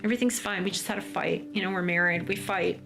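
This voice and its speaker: A woman's voice: lowish voice, fairly even intonation, quick pace, gravelly, music in the background. A woman from the United States, speaking in a documentary interview and telling her story, often acting out what others said. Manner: storytelling, acts out quoted lines of others. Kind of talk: documentary interview, recounting a personal ordeal.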